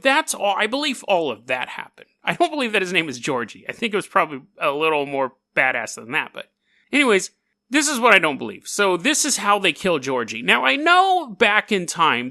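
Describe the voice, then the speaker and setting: A male podcast host tells a history story in a casual, sarcastic way and keeps breaking off for jokes. His voice is bright and sharp, and his pitch swings widely. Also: dry recording, studio quality. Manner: sarcastic, animated, joking asides.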